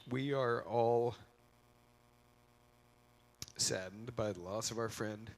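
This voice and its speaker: A man's voice: medium pitch, slow pace. A man speaking at a memorial, giving a casual, rambling eulogy full of anecdotes and jokes about his friend into a microphone. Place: convention center event hall.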